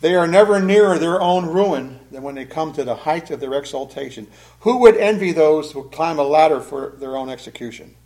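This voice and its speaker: A man's voice: a little high, lively intonation, brisk, a little mellow. A man preaching a sermon in an earnest, emphatic way, pressing hard on key phrases. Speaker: pastor.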